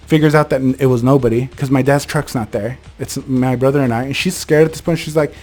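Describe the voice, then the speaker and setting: A young man hosting a channel, casually telling ghost stories about his childhood home in a quick, rambling way full of fillers and self-corrections. He records in a bedroom at home. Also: mid-range voice, darkish tone. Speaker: host, storyteller.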